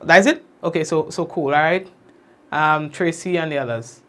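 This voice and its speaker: A young man hosting a casual livestream, giving warm shout-outs to commenters by name and drawn-out blessings. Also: on the high side. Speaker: livestream news host. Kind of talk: casual livestream chat greeting viewers.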